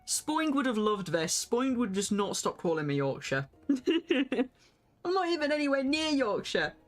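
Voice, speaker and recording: A woman streaming a game live, excitable and gushing, laughing often. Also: fairly high pitch, a little slow, faint music behind.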